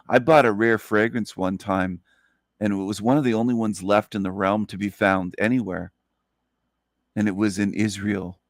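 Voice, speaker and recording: A man talking slowly and earnestly in a solo monologue, sleepy after a night awake, repeating his phrases. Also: lowish voice, gravelly, no room sound, clean studio sound. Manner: slow, earnest, repetitive phrasing. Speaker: channel host.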